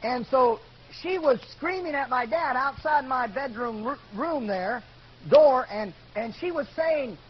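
An older man telling a personal story in a sermon, earnest and building to loud outbursts. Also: extremely high pitch, lively intonation, unhurried, slightly rough. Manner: earnest storytelling, rises to shouting when quoting. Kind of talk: sermon testimony. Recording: dull lo-fi recording with faint noise.

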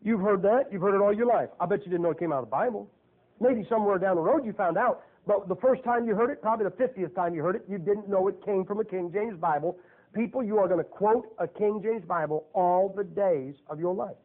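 High-voiced folksy male preacher, tinny. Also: fairly quick. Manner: folksy, joking, emphatic preaching. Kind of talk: sermon. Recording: tinny phone-like lo-fi recording.

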